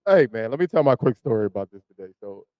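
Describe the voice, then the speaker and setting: A man hosting a podcast, chatting casually about football and swinging from low mutters to loud emphasis. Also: animated, fast, no room sound, dull audio. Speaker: podcast host. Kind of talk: casual sports chat.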